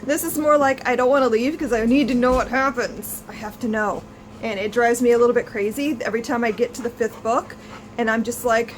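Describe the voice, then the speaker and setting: A woman book vlogger in her thirties talks casually to camera, effusive and full of restarts. Her voice sits a little high, and a faint hiss runs under the home recording. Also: steady tone, brisk, low-quality recording. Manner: gushing, effusive, lots of restarts.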